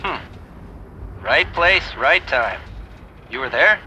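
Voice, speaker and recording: A man's voice: mid-range voice, big pitch swings, slow, pushed and bright, slight background noise, full character voice, low-quality recording. An actor playing a reluctant male fixer who talks in dry, curt lines in a video game. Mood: grudging.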